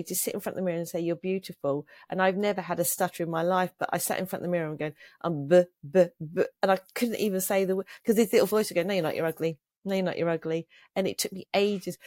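A woman's voice: fairly low pitch, darkish tone, no echo, studio quality. A middle-aged woman, a trauma coach, speaking earnestly and reflectively as an interview guest. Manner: earnest, reflective, with frequent restarts. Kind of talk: casual interview conversation.

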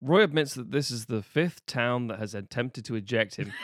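A man's voice: medium pitch, big pitch swings, pushed and bright, no echo, studio quality. A man co-hosting a casual podcast, bantering and joking with friends and swearing, sometimes reading a plot summary aloud. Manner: jokey, quick banter, swears. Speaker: podcast co-host. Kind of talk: casual chat.

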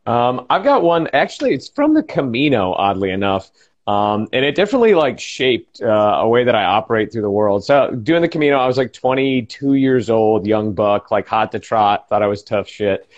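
A man's voice: medium pitch, big pitch swings, moderate pace. A man who is a guest on the show, chatting casually and telling a story with a lot of filler words. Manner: loose, filler-heavy storytelling. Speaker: guest, hiker. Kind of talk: casual chat. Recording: dull lo-fi sound.

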